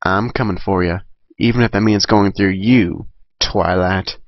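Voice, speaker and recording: A man's voice: deep voice, steady tone, unhurried, dry recording, muffled recording. A man playing a gritty farm mare. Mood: grim. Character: determined tough farm mare, loyal.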